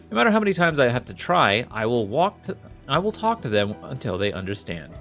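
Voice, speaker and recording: Earnest young woman fortune teller from a game, read by a man, lively pitch, faint game music underneath. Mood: reflective. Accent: Southern US, put on. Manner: earnest, pleading, slips briefly into a folksy drawl. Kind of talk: reading video game dialogue aloud.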